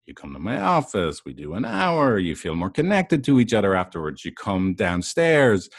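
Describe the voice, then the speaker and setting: A man's voice: low voice, no echo, clean studio sound. A man talking as a couples therapist, explaining in a conversational way and often checking in with the listener. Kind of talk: explanatory talk to camera.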